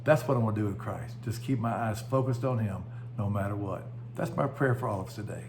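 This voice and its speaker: A man's voice: on the low side, brisk, background noise. A man pastor giving a short devotional message, telling stories in a folksy way that livens up at dramatic moments.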